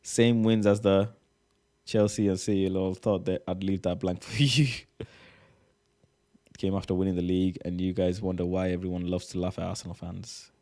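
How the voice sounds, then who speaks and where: An exasperated man talks through posts in a casual reaction commentary. His voice sits slightly low, and he swears freely as he reads. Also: level tone, moderate pace, dark tone. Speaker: reaction streamer.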